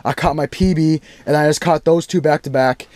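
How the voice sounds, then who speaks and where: A young man vlogging as he ice fishes, giving an excited, slangy play-by-play and exclaiming loudly at each catch. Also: a little high, fairly quick. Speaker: fishing vlogger. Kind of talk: excited play-by-play while fishing. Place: ice fishing on a frozen lake in deep cold. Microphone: action camera.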